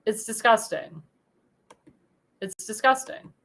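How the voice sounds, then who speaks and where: High, bright-voiced indignant woman host. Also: expressive, slow, vocal fry. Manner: indignant, emphatic, repeats phrases for emphasis. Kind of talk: political commentary show monologue.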